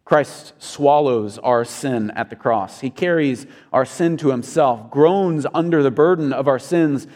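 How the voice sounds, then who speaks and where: A man's voice: medium pitch, measured pace, hardly any pauses, a little mellow, long reverb tail. A man preaching a sermon as pastor, earnest and building to emphatic peaks.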